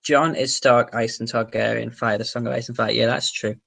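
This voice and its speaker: Excitable young English man, gravelly edge. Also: mid-range voice, fairly quick. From England. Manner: excitable, chatty, swears casually. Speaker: livestream host. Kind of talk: casual livestream chat answering viewer comments.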